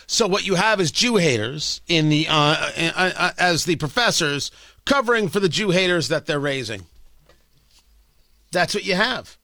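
A man's voice: fairly high pitch, expressive, moderate pace, sharp tone, no echo, clean studio sound. A male talk radio host delivering a sarcastic, ranting opinion monologue.

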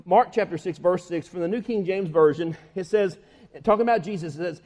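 Animated male preacher, very high voice, lively melody, reverberant room. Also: brisk. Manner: animated, laughs often, acts out scenes. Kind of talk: lively sermon.

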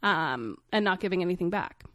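A woman co-hosting a podcast in casual chat, candid and quick to laugh, swearing freely. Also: fairly low pitch, animated, a bit bright, no room sound, studio quality. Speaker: podcast co-host. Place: podcast recording setup.

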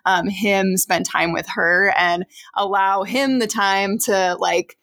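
A woman in her thirties chats on a podcast with affectionate, easygoing delivery. Her voice carries a noticeable creaky fry. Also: medium pitch, steady tone, slow pace. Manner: warm, affectionate, laughs often. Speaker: podcast co-host, mother. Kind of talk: casual chat.

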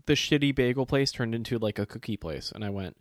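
A man's voice: mid-range voice, fast talker, no room sound, studio quality. A man co-hosting a casual chat, telling stories with acted-out quotes and plenty of swearing. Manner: animated storytelling, swears freely, acts out quotes.

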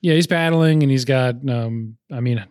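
A man's voice: mid-range voice, moderate pace, darkish tone, clear, resonant tone, dry recording, studio quality. A young man in casual film talk with friends, rambling and often laughing as he goes.

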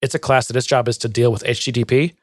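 A man's voice: medium pitch, little pitch movement, fast talker, dry recording, clean studio sound. Easygoing man chatting about code. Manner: easygoing, agreeing, joking. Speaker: podcast co-host. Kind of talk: casual tech chat.

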